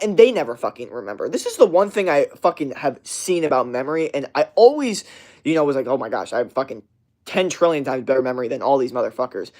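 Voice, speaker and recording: A young man with a slightly high voice streams a casual rant to his chat. He swears constantly and rambles with many fillers and restarts.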